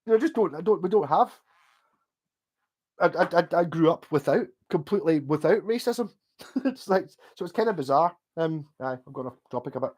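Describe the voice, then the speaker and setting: A man with a softened Glaswegian accent talks loosely to his stream audience, reacting to comments as they come in. He wanders from point to point, trips over his own restarts and drops casual swearing. His laughs slip in between his thoughts. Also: on the high side, expressive, moderate pace, breathy edge. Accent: Glaswegian Scottish, softened. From Scotland. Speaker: livestreamer. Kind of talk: casual livestream chat, answering viewer comments.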